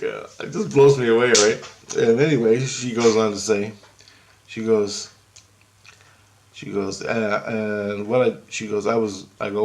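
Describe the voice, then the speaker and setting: A man vlogging a casual, rambling story, excitedly quoting both sides of a conversation. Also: lowish voice, a little slow, vocal fry. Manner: rambling, excitable, keeps quoting back and forth.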